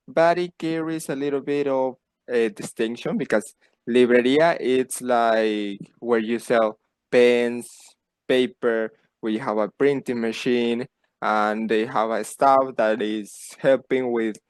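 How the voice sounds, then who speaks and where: Slow, patient male teacher. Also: mid-range voice, clean tone, dry recording. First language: Spanish. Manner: patient, repeats phrases for learners to copy. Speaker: Spanish teacher. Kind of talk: slow beginner language lesson.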